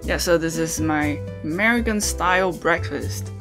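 A woman food vlogger chats casually while walking through cooking and eating breakfast, full of ums and uhs and speaking directly to viewers with questions for them. Her voice is low at a moderate pace, with faint music in the background.

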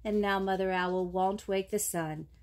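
A woman voicing a stern male lion king in a storybook reading, speaking in a measured, commanding way. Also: medium pitch, steady tone, lightly acted.

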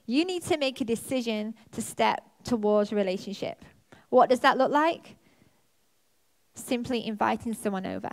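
A woman preaches to her church with a fairly high voice. She tells her story with animation, her pitch leaping as she relives the moments. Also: moderate pace. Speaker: pastor. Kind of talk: sermon. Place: church auditorium.

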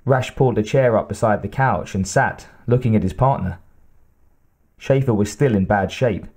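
A man narrating an audiobook in a measured, steady reading. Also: on the low side, husky. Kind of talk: scripted narration.

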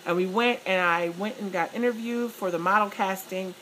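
A woman vlogging to her viewers as a plus-size model, chatting in an excited, gushing way. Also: mid-range voice, normal speed, slight background noise, poor audio. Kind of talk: casual chat to viewers.

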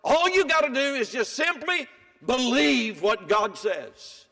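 Older man, pastor, high voice, church sermon, hushed then emphatic. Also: lively intonation, slow pace, gravelly. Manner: dramatic swings between hushed and emphatic. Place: church sanctuary.

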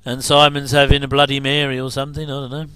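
Middle-aged man, casual watch-along commentator, smooth and close-miked. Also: mid-range voice, monotone, fast talker, a bit bright, dry recording. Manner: chatty, jokey asides with chuckles. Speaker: commentary host.

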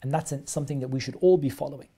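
A man's voice: mid-range voice, very fast, dark tone, breathy edge. A man teaching a live online religious lesson, explaining texts step by step and repeating phrases for emphasis. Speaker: Islamic studies teacher.

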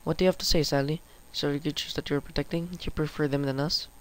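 A man giving excitable gameplay commentary, swearing and reading game text aloud. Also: fairly high pitch, fast. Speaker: gaming video host.

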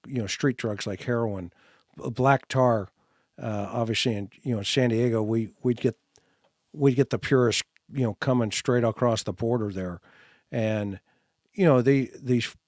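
A male host asking interview questions in a halting, conversational way. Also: mid-range voice, dry recording, clean studio sound. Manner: halting, restarts often, conversational. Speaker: podcast host.

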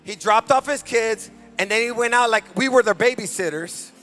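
A man preaching a fervent deliverance sermon as pastor at a church service, shouting commands. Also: very high-pitched, moderate pace, faint music behind.

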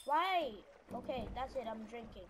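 A woman narrating her own gameplay in an excitable, stammering way, often yelling at enemies. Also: fairly high pitch, moderate pace, background noise. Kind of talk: let's-play commentary. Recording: loud game sound behind the voice.

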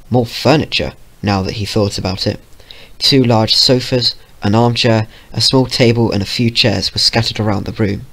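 A man reading a fan story aloud in a plain, steady way. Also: lowish voice. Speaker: fanfiction reader.

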